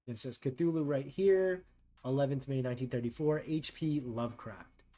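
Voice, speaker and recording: A man streaming while he draws, chatting casually with viewers, thinking out loud and reading text aloud haltingly. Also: mid-range voice. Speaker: art streamer. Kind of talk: casual livestream chat while drawing.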